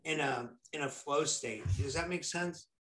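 A man hosting a podcast, asking rambling, halting questions full of fillers and restarts. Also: a little high, very noisy. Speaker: podcast host. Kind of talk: interview questions.

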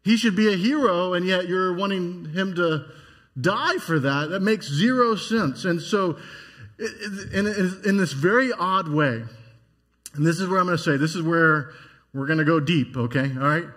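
A man's voice: sits high, measured pace, a bit bright, breathy edge. A man preaching a sermon as pastor, musing aloud in a conversational way with frequent restarts.

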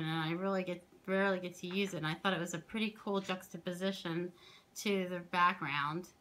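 Chatty, rambling woman crafting vlogger. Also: medium pitch. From Pennsylvania. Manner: rambling and excitable, with many asides. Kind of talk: casual chatty show-and-tell.

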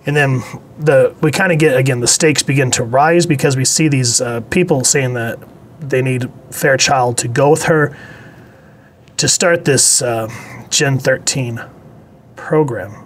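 A man's voice: medium pitch, unhurried, a little hiss or hum. A man giving a casual spoken comic book review, chatty and digressive, blunt, with casual swearing.

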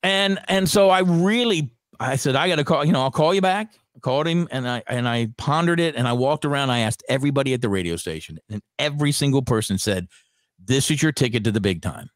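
A middle-aged radio personality telling stories in a relaxed interview, acting out the voices of people he quotes. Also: medium pitch, fast, no room sound, clean studio sound. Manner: animated, acts out quoted dialogue. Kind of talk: conversational storytelling.

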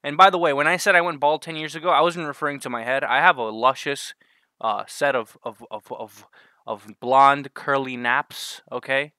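A man's voice: medium pitch, moderate pace, sharp tone, no echo, clean studio sound. A man vlogging a crude, sarcastic comedic rant, often breaking into laughter at his own jokes.

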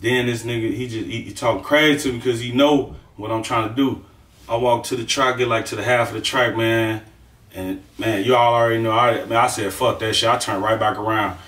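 A man's voice: medium pitch, steady tone, a little fast, fairly bright tone. A man telling a story in a casual, profane and emphatic way, acting out the fight with punch sounds. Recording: echoey room, far from the mic.

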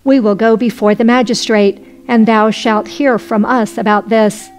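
A woman's voice: on the high side, fairly even intonation, normal speed, soft background music, close to an everyday voice. A woman reading as whining innkeepers.

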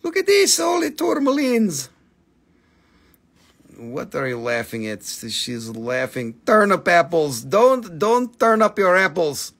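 Male live-stream crystal seller, raunchy jokester, auctioneer-style price calls, voice sits a bit high. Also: huge pitch swings, slow, fairly bright tone. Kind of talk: casual live-stream selling chat.

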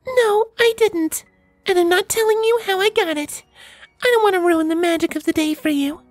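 A woman voicing a gentle, kind pony mare who talks softly and teases lightly. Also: very high-pitched, a little fast, no room sound, soft background music. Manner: gentle and soft, lightly teasing.

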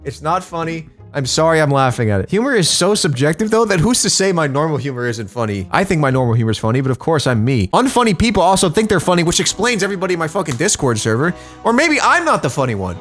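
A man streaming casually while high, animated and giggly, swearing freely as he chats. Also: fast, soft background music. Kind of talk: casual livestream chat.

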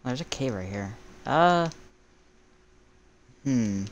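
A teenage boy from the East Coast of the United States, rambling through casual gameplay commentary while he plays, musing aloud with soft chuckles. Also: medium pitch, animated, extremely slow, creaky, a little hiss or hum. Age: teens. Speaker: gaming streamer.

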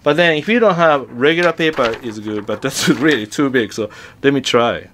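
Chatty, halting male guitar teacher. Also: medium pitch, a bit bright, slight background noise. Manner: chatty, halting, repeats words while demonstrating on guitar. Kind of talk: casual guitar lesson.

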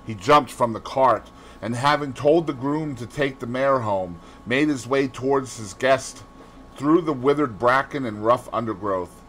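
A man reading a classic novel aloud as an audiobook narrator, in an expressive, measured storytelling manner. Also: mid-range voice, slight background noise.

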